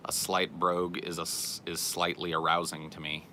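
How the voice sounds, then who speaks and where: Low-voiced male stream host, bright and forceful delivery, rambling off the cuff; faint noisy home recording. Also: monotone, moderate pace. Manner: rambling, self-correcting, conversational. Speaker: podcast host reading chat questions. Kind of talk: casual livestream chat.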